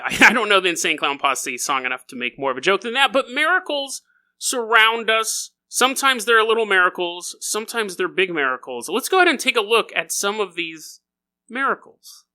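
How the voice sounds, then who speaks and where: Male podcast host, comedic storytelling, goofy, high voice, swooping lively pitch. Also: brisk. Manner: goofy and animated, laughing as he talks.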